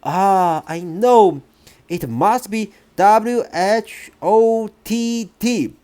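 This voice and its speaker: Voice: mid-range voice, extremely slow, warm tone, voice pushed up. A reader voicing a nervous but cheeky young schoolboy who answers hesitantly, in an audiobook reading.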